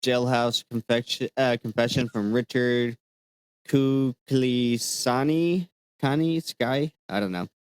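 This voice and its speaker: Laid-back man with a smooth voice. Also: mid-range voice, slow, no room sound. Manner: laid-back, stumbles over names. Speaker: podcast co-host. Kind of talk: casual podcast, reading out research.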